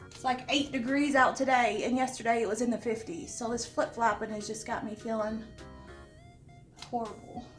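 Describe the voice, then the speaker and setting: High-voiced chatty woman decorating her home. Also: fairly even intonation, moderate pace, soft background music. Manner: chatty and homey, with lots of small asides. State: under the weather, with the odd cough. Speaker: home decor channel host. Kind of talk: casual chatty decorating vlog. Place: living room at home, indoors. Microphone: camera set up nearby, moved around while she talks.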